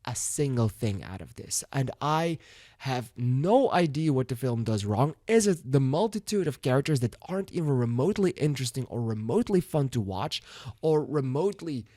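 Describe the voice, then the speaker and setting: A man's voice: mid-range voice, sing-song, normal speed, warm tone, no echo, clean studio sound. A man with a Dutch accent reviewing a film in a frank, casual way, swearing now and then. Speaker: movie reviewer.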